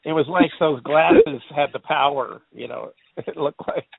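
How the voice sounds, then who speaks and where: A man's voice: a little high, unhurried, vocal fry, slightly rough, no room sound. Man agreeing over a phone-like line. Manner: brief agreeing replies. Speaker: co-host of a review show. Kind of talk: casual chat. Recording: dry tinny phone-like line.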